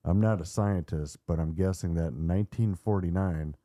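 A man hosting a podcast, narrating a dark story with theatrical suspense and casual asides. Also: sits low, moderate pace, no room sound, clean studio sound. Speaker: podcast host.

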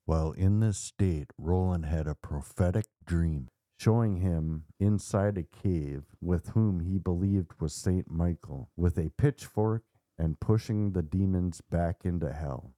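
A man hosting a podcast, retelling a story in a measured, dramatic way. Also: deep voice, warm tone, no room sound, clean studio sound. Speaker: podcast host.

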